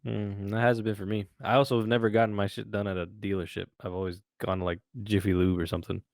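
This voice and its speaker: A man's voice: on the low side, level tone, quick pace, creaky, darkish tone, no room sound, studio quality. A tired young man co-hosting a podcast in laid-back, teasing casual chat. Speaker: podcast co-host.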